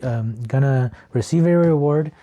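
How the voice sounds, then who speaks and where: Guy doing a chill tarot reading, super dark mellow voice, keeps cheering you on. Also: mid-range voice, measured pace, muffled recording. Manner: encouraging, chuckles often. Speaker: tarot reader.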